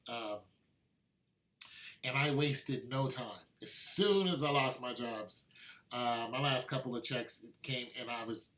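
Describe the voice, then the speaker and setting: A man's voice: mid-range voice, slow, a bit bright. A man vlogging to camera in a loose, conversational way, drifting into asides. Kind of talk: casual monologue to camera.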